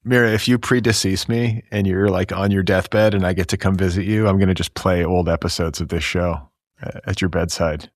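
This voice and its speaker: Casting note: male podcast host, very low voice, deadpan teasing, dry close-mic sound. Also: brisk, no room sound. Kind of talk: casual podcast banter.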